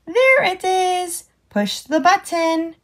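A woman's voice: very high voice, expressive, a bit bright, slight background noise. A woman teacher reading a farm picture book aloud to children, acting out sound effects and asking the child to find things on the page. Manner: slow, sing-song, making animal and machine sound effects; asks the child questions and prompts button pushes. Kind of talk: children's storytime read-aloud.

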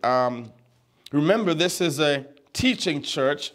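Casting note: man with a high voice, a pastor teaching from the pulpit in a loose storytelling way that stumbles over words. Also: sing-song, measured pace, fairly bright tone. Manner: conversational, stammers and repeats words, quizzes the congregation. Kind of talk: teaching sermon with stories.

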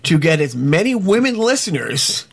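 A man's voice: on the high side, sing-song, moderate pace, vocal fry, breathy edge. A man co-hosting a podcast, chatting and telling stories with easy laughter. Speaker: podcast co-host. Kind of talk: casual chat.

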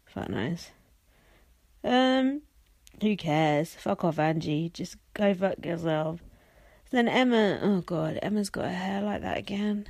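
A woman's voice: mid-range voice, takes it slowly, darkish tone, no room sound. A young woman hosting a podcast, ranting about a reality show with constant swearing and sarcastic, mocking asides. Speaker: podcast host. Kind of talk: profane reality-TV recap rant.

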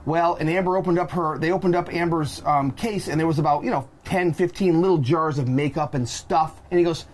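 Fast-talking man telling an exasperated story. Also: fairly high pitch. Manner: animated, exasperated retelling with quoted dialogue. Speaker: podcast co-host. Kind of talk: casual storytelling.

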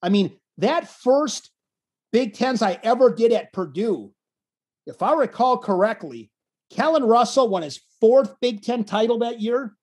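A man, a wrestling commentator, telling a story in a casual interview, animated and self-deprecating, often restarting his phrases. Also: very high-pitched, a little slow, husky.

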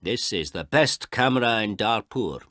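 A man voicing a proud, bossy photographer who boasts and brushes people off, a little above his own pitch. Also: animated, moderate pace, fairly bright tone, dry recording, clean studio sound. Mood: boastful. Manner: boastful and dismissive. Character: proud, bossy small-town male photographer.

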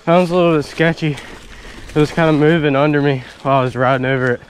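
A man's voice: fairly high pitch, fairly even intonation, fast. A man casually chatting while riding his mountain bike on wooded trails, talking into an action camera outdoors. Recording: noisy outdoor action-cam audio.

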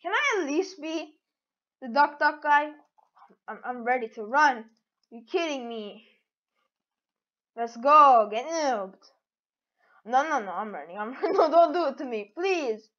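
Giggly excitable woman, dull lo-fi audio. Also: high-pitched, measured pace, long pauses. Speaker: gaming channel host. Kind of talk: casual game commentary.

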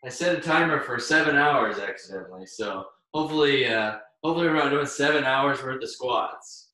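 Speaking fairly quickly in a mid-range, bright and pushed voice, a fitness instructor hosts a live virtual workout. He works out alongside the class, panting as he encourages participants by name, far from the mic in a very echoey space.

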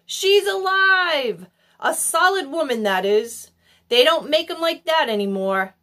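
A woman reading aloud and voicing an excitable onlooker in a crowd, chattering eagerly. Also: high-pitched, moderate pace, pitched above the performer's own voice. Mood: excited.

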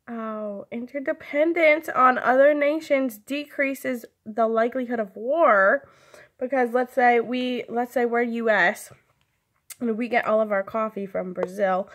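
A woman's voice: on the high side, steady tone, slow, vocal fry. A young woman chatting casually in a vlog, rambling and giggling, with lots of "like" and "um". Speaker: vlogger. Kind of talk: casual chat.

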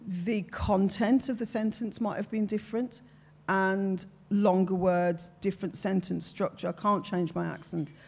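An older woman with a strong Brummie accent talks on a discussion panel, frank, emphatic and sure of herself. Her voice has a gravelly, husky edge. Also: medium pitch, fairly even intonation, unhurried, a little mellow. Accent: Birmingham. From Birmingham, England. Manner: frank, emphatic, self-assured.

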